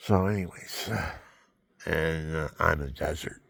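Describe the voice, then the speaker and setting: A man's voice: very deep voice, measured pace, creaky, a bit bright, slight background noise. An older man at home on his couch, giving rambling folksy health tips and counting aloud. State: out of breath. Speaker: vlogger. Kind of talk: casual health talk to camera.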